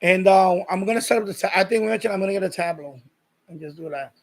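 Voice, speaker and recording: High-voiced man rambling on a stream. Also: quick pace. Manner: rambling, repeats himself, reads viewer comments aloud. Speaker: live stream host. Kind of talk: casual chat with live viewers.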